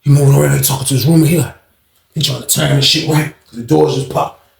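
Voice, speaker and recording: A man telling a story casually, with an animated delivery that swings from loud bursts to hushed, low tones. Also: fast talker, creaky. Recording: roomy echo.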